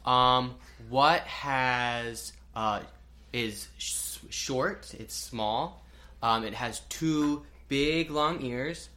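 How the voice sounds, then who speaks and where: A man's voice: mid-range voice, very slow, bright, forceful tone. A man co-hosting a casual podcast, talking hesitantly with frequent ums as he plays a guessing game with a child. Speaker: co-host and uncle.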